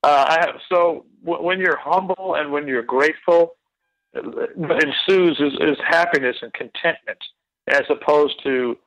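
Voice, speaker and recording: A man's voice: fairly high pitch, fairly bright tone, dry recording, rough recording. A man speaking as a podcast guest, earnest and reflective, often repeating words as he starts a thought. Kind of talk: casual interview chat.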